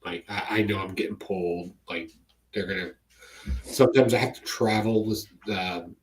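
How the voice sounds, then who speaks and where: A man's voice: deep voice, fairly even intonation, normal speed, slight background noise, rough recording. A middle-aged man chatting casually on a panel, a rambling, jokey storyteller. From United States. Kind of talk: casual chat.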